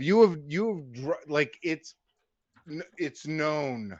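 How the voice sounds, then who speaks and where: A man rants angrily on a livestream panel, swearing and jeering as he goes. His voice sits a bit high and comes through dry and muffled. The audio has the dull, lo-fi sound of an online call. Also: lively intonation, unhurried, fairly bright tone, dry recording. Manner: angry, profane, jeering rant. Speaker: panel guest. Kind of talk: heated livestream panel rant.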